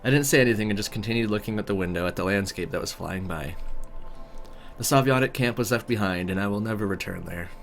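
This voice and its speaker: A man's voice: on the low side, fast talker, a bit bright, soft background music. A man reading a visual novel aloud as narrator, with joking asides to himself. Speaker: let's play narrator.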